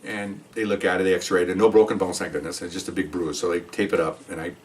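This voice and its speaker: A man's voice: sits low, little pitch movement, fast, far from the mic. An older man, a retired police officer, telling a story in a casual, rambling way and often checking in with "okay?". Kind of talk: casual spoken anecdote.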